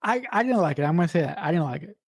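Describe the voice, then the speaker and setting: A man's voice: fairly high pitch, animated, very fast, no room sound. A man co-hosting a podcast in casual film review chat, emphatic and repeating his words. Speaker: podcast co-host.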